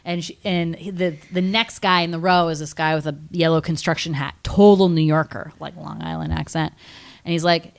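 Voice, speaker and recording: A woman co-hosting a podcast, telling a film's plot in a chatty, animated way with lots of "like" and acted-out quotes. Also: low-pitched, normal speed, creaky. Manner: animated storytelling with many likes and acted-out quotes. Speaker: podcast co-host. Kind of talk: casual movie recap chat.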